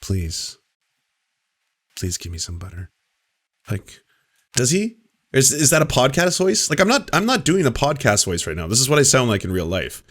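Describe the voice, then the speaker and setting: A man's voice: mid-range voice, lively intonation, brisk, a bit bright. Sarcastic man hosting a reaction show. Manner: sarcastic, mocking, profane. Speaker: commentary show host. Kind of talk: reaction commentary.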